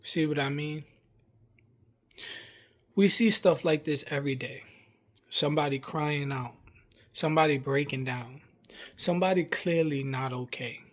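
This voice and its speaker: A man hosting a vlog, giving earnest, measured commentary in short plain phrases. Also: fairly high pitch. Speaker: commentary vlogger. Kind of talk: reflective commentary.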